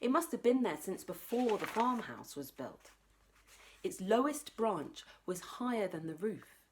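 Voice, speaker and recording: A woman reading a children's book aloud as a librarian, expressive, dropping to a whisper for tense moments. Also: medium pitch, measured pace, slight background noise. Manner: expressive, drops to whispers for tension. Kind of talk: children's storybook read-aloud.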